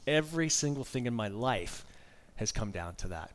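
A middle-aged man in his fifties delivering a sermon at an ordinary pitch. He talks like he is chatting with the congregation, mixing candid personal storytelling with casual asides. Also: animated, normal speed, a little hiss or hum. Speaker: preacher.

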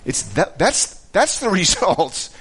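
A man teaching a Bible passage in a conversational way, earnest and halting, often repeating words as he searches for them. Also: sits high, sing-song, fairly bright tone, slightly rough.

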